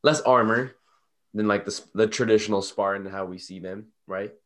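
A man with a low voice, running a casual podcast chat. He stays laid-back and agreeable and moves the talk along. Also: moderate pace, fairly bright tone. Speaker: podcast co-host.

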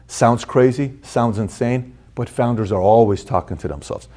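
A man's voice: on the low side, expressive, brisk, few pauses, mellow. A man hosting a motivational business talk, speaking emphatically, repeating phrases and acting out people's inner dialogue. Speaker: host.

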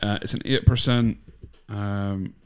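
Low-voiced podcast host. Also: male voice, steady tone, slow pace, darkish tone, clear, resonant tone. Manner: teasing, leads the talk. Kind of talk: casual chat.

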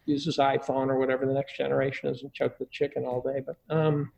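Crude joking middle-aged man, gravelly. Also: medium pitch, little pitch movement, fast, a little mellow, dull audio, slight background noise. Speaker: guest giving parenting advice. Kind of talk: casual conversation.

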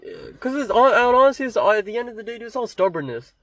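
A man's voice: extremely high pitch, sing-song, fast talker, a bit bright. A young man in casual chat, crude and joking, laughing a lot.

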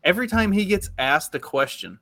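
A man's voice: high voice, lively intonation, brisk, pushed and bright, dry recording. A man co-hosting a podcast, talking casually and rambling with many fillers. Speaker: podcast co-host. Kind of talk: casual political commentary.

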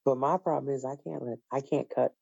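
A woman with a gravelly, creaky voice trades blunt, profane stories in casual chat. Her voice is dry and close, and the call audio sounds dull and lo-fi. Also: a bass voice, fairly even intonation, fairly quick, mellow, no echo. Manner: blunt, profane, storytelling with laughs.

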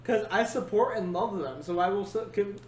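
A man's voice: high-pitched, moderate pace. A man hosting a casual podcast chat, joking and laughing often as he rambles. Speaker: podcast host. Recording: echoey room, faint noise.

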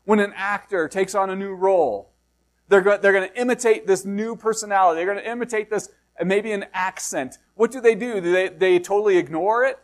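A man's voice: high-pitched, brisk. A middle-aged man from the United States preaching a sermon in a conversational way, asking rhetorical questions. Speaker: pastor.

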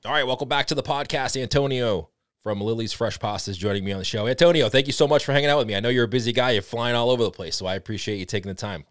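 A man with a Boston accent hosting a podcast interview, upbeat and chatty and quick to laugh, speaking into a studio condenser mic. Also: medium pitch, a bit bright, dry recording. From Boston area, USA. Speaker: podcast host. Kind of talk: casual interview chat.

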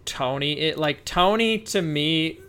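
A man's voice: fairly high pitch, slow pace, sharp tone, clean tone. A man co-hosting a casual film discussion over a remote call, rambling with frequent restarts and hedging fillers. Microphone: remote call connection.

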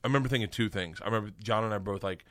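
A middle-aged comedian telling a long story in casual chat, animated and profane, jumping his voice up high to act out the people in it. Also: rapid-fire. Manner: animated, profane, acts out characters with big pitch jumps. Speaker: comedian guest.

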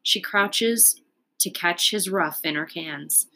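A woman reading a children's book aloud in a calm, unhurried way. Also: on the low side. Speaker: storyteller.

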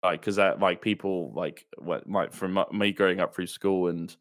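A man with a slightly low voice talks casually as a podcast guest. He is relaxed and chatty, filling his sentences with "like" and "um" as he goes. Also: moderate pace. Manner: laid-back, chatty, peppered with "like" and "um". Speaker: guest, tabletop role-play player. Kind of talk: casual chat.

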